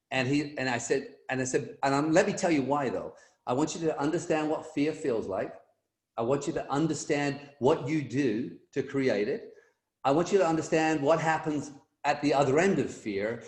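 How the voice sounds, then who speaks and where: A middle-aged man telling an energetic motivational story as a guest speaker on a team video call, acting out the voices in his anecdotes. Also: a little high, roomy sound.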